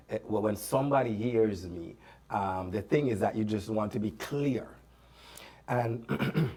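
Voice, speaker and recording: A man's voice: fairly low pitch, husky. A man with a Caribbean accent, a public speaker, talking casually on a panel and affirming others often. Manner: agreeable, frequent affirmations.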